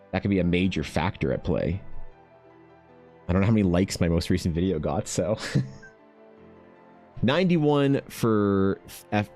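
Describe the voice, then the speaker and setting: Deep, mellow man chatting. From Canada. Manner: laid-back, rambling, swears freely. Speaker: art streamer. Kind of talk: casual chat while drawing on stream.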